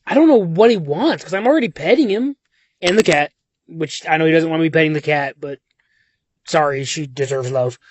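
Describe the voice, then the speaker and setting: A man's voice: on the high side, expressive, normal speed, no echo. A young man leaving a long, rambling and profane voice message from his car at night, dazed and worn out, drifting from one thought to the next. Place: inside a car on a country road at night. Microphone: phone.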